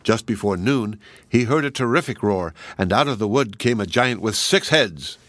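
A man narrating an old folk tale aloud in a lively storybook reading. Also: lowish voice, normal speed, no room sound.

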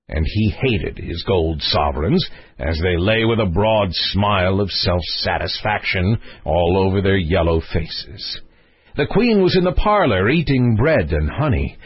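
Storybook narrator, male, expressive and very lively in pitch, dry and dull lo-fi sound. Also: breathy edge, dry recording. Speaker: audiobook narrator. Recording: dull lo-fi recording.

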